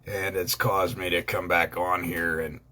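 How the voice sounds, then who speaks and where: A man with a very deep voice but a bright, forceful edge talks loosely to his viewers. He rambles with lots of ums and uhs and swears bluntly now and then. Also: level tone, measured pace. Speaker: online law educator. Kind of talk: casual talk to viewers.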